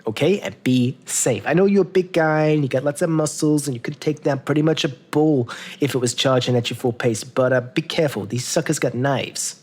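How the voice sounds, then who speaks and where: A man voicing a brash, loud-mouthed male fight manager who swears and blusters. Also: medium pitch, brisk, husky, natural voice.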